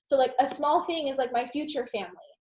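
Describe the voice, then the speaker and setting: A young woman giving a casual, rambling motivational talk to her team on a video call, animated and full of "like". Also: sits high, fast, a little hiss or hum. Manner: animated, rambling, heavy use of "like". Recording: roomy echo.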